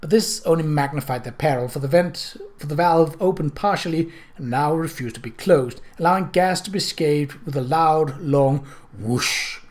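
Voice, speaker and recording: A man's voice: fairly high pitch, normal speed. A man narrating a mystery novel chapter as an audiobook reader, voicing the characters himself. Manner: steady storytelling, puts on voices for characters.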